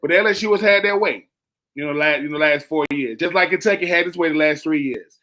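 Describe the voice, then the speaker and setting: A young man talks sports with a noticeably high voice. He is emphatic and animated, hammering points by repeating them. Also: fairly quick. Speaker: co-host. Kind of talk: sports talk radio chat.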